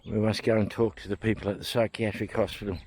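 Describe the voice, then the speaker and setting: A lowish-voiced man talks his way around an overgrown hillside, thinking aloud and getting carried away with excitement. He rambles from one aside to the next as he walks. Faint outdoor noise sits under his voice. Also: quick pace. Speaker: vlog host exploring a historic site. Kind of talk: casual vlog commentary while walking.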